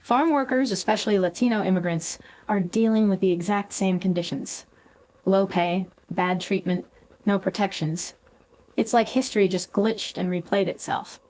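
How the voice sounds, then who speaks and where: Woman podcast co-host, mid pitch, sassy and dramatic, over the top reactions. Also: normal speed, darkish tone, rough recording. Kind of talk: scripted podcast banter.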